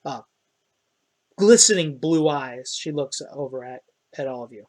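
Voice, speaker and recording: A man running a tabletop game as dungeon master, describing scenes in a relaxed way with hesitant fillers. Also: mid-range voice, measured pace.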